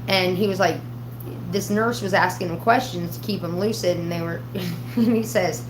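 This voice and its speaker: A woman's voice: fairly low pitch, normal speed, noisy background. A woman livestreaming, casually telling stories to her viewers, swearing freely and acting out the quoted lines. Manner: profane, animated retelling with quoted voices. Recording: echoey room.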